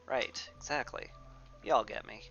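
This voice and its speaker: A woman's voice: extremely low pitch, a little slow, creaky, fairly bright tone. A woman streamer with a stuffy nose, chatting wryly to herself as she plays a game. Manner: wry, sarcastic self-talk. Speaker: gaming streamer. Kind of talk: let's play commentary. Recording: slightly dull, faint music behind.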